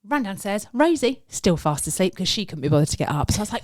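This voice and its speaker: A woman's voice: medium pitch, fast talker, no echo, studio quality. A woman in her forties, a podcast co-host, telling stories with lots of laughs and acted-out quotes. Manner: animated storytelling, acting out quotes with laughs. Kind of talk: casual chat.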